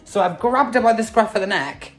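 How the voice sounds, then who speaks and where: A man's voice: sits high, animated, fairly quick, fairly bright tone. A man vlogging casually from home, chatty, with many fillers and free swearing. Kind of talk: casual vlog chat.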